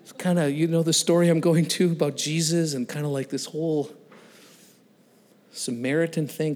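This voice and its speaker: A male guest speaker telling a personal story in a sermon, animated, laughing and acting out the voices of the people in it. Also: a little high, moderate pace. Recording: long reverb of a large hall.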